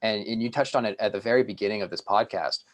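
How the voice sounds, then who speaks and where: A man's voice: fairly low pitch, fast. A man, a company founder, speaking as a guest on a podcast and telling stories with enthusiasm. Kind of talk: podcast interview.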